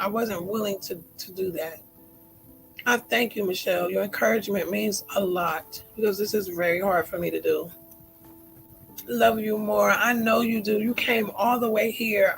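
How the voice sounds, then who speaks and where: A woman's voice: mid-range voice, fairly even intonation, moderate pace, gravelly, soft background music, rough recording. A woman in her forties hosting a candid personal vlog. She talks in an emotional, heartfelt way, with laughing asides. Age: 40s. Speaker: host.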